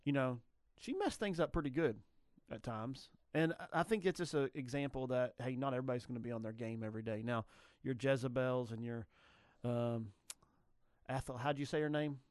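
A man's voice: medium pitch, a little fast, darkish tone, no room sound, clean studio sound. A man hosting a radio trivia show in a casual, rambling way, often correcting himself and laughing.

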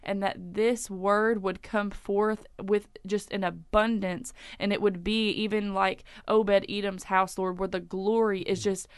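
A woman's voice: mid-range voice, level tone, unhurried, hardly any pauses, smooth, no room sound. A woman leading a spoken prayer in a flowing, repetitive stream of petitions.

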